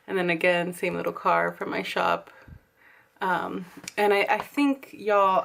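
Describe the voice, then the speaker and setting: A young woman from Texas, slightly hoarse, chatting casually to viewers about her planner and filling her talk with likes and ums. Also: lowish voice, a bit bright. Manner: chatty, many fillers, addresses viewers as y'all. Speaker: planner vlogger.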